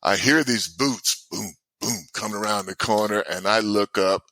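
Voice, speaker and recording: A man in his sixties, a former ballplayer, telling stories in a casual, animated way, laughing often and acting out the people in them. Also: fairly low pitch, moderate pace, dry recording. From United States. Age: 60s. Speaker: guest, former baseball player. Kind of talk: casual storytelling.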